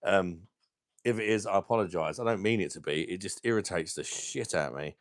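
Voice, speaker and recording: A man hosting a live stream, chatting casually and bluntly with viewers, crude and quick to laugh at his own jokes. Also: low voice, dry recording, studio quality. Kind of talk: casual live chat reading viewer comments.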